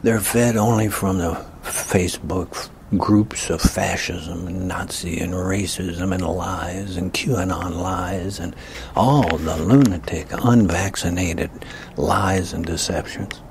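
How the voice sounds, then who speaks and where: A man giving a ranting political commentary, emphatic, often dropping into breathy whispered asides. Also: low-pitched, fairly even intonation, slow pace, a little hiss or hum.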